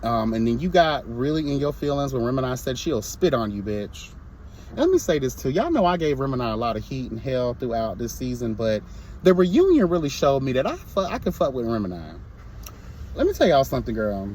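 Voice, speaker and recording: A man's voice: medium pitch, sing-song, fairly quick, darkish tone, slight background noise. A young man reviewing a reality show in a casual vlog, sassy and blunt, breaking into mocking impressions.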